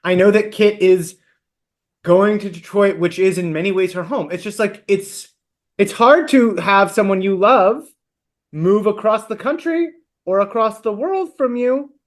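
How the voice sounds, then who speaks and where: A man's voice: sits high, a little slow. A man co-hosting a podcast in casual chat, wordy, playful and a little sentimental. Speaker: podcast co-host.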